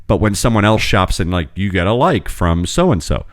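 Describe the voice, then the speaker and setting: A man's voice: low voice, very animated, normal speed, dry recording, studio quality. A man in his thirties, a podcast host telling a long rambling story in casual chat, swearing freely. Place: home podcast studio.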